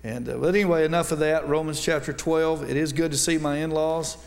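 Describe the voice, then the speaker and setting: A middle-aged man with a North Alabama accent preaches in a church sanctuary, his voice sitting a little higher than most men's. He talks in a folksy way and drops joking asides between points. The room carries a long, ringing reverb. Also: fairly even intonation, a little fast, creaky. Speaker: visiting Baptist preacher. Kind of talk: sermon.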